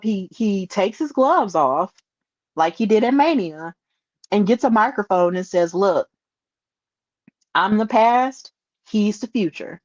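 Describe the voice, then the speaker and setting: A woman hosting a solo podcast, retelling events in an excitable, animated way with playful asides. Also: lowish voice, dry recording, muffled recording. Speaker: podcast host.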